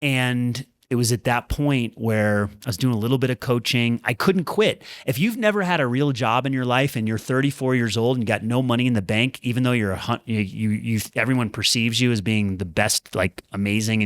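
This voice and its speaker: A man's voice: mid-range voice, no echo. A man and former pro tennis player, a podcast guest, reflecting earnestly on his career in candid storytelling. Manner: earnest, reflective, talks in quick bursts.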